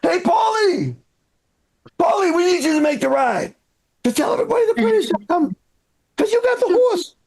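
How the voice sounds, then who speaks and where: Guy putting on a rowdy boston townie boss, yelling and cursing, high gravelly voice. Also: lively intonation, moderate pace, heavily acted. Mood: rowdy bossy. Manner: shouting, bossy, profane. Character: brash loudmouth male Boston townie rebel leader.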